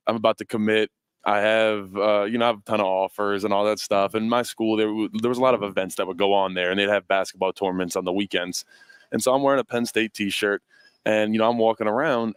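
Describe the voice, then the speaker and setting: A young man in his twenties, co-hosting a sports radio show, telling a story in an animated way and laughing along as he goes. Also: lowish voice, clean tone, dry recording, clean studio sound. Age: 20s. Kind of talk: casual radio sports chat.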